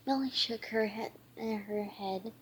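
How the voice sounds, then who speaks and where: Slow, stumbling woman reading aloud. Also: a little high, a little hiss or hum, rough recording. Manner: halting, stumbling reading with many restarts. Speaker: reader. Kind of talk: reading a children's book aloud.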